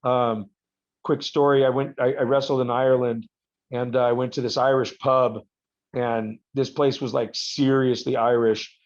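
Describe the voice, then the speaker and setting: A man, a wrestler being interviewed, telling rambling stories with halting restarts. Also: medium pitch, flat delivery. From United States. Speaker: guest, professional wrestler. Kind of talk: casual podcast interview. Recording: slightly dull lo-fi audio.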